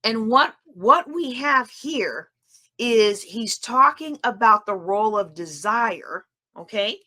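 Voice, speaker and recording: A woman's voice: a little high, animated, takes it slowly, bright, forceful tone. A middle-aged woman teaching a faith-based lesson, emphatic and repeating phrases for stress. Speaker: Bible study teacher.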